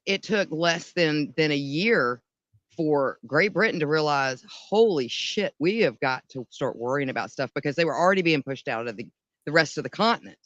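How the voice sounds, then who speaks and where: A man's voice: fairly high pitch, lively intonation, normal speed, a bit bright, no echo, muffled recording. A man co-hosting a podcast in casual chat, thinking aloud with restarts and casual swearing. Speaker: podcast co-host.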